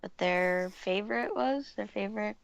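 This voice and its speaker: A woman's voice: mid-range voice, normal speed, gravelly. A woman co-hosting a podcast, giving hesitant, brief answers in casual chat. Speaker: podcast co-host. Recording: dull lo-fi sound.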